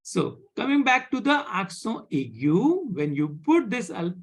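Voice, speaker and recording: An instructor with an Indian accent leads a French lesson online, live, in a mid-range, sing-song voice. The pace is slow, words get repeated, and "right?" comes up often as a check for understanding.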